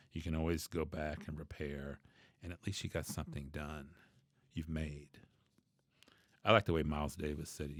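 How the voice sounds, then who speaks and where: A man who teaches bass, talking through his ideas in a loose, reflective way, with many asides and restarts. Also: husky, dry recording. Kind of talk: conversational teaching monologue.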